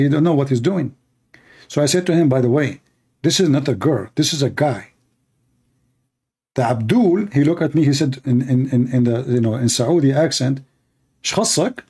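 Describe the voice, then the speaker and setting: A man's voice: medium pitch, warm tone, slightly rough. A man answering viewer questions in a casual monologue, sarcastic and mocking, speaking English with non-native grammar. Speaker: online commentator answering questions.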